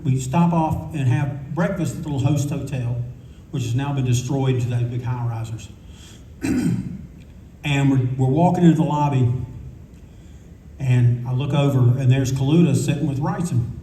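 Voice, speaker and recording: An older man with a medium-pitched, dark voice tells casual, profane stories on a convention panel, acting out the people he quotes. An audience recorder caught it from a distance in an echoey room, with faint ambience and slight background noise.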